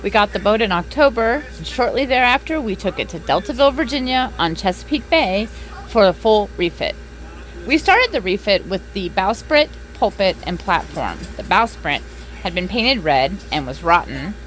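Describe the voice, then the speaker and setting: Brief: chatty woman narrator, bright and animated, faint music. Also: medium pitch, normal speed, poor audio. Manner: upbeat, chatty. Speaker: vlogger narrating a boat refit. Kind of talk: voice-over narration.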